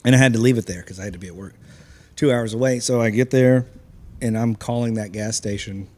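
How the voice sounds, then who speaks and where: A man's voice: fairly low pitch, a little fast, darkish tone. Laughing man telling a story. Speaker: podcast host. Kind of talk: casual chat among friends.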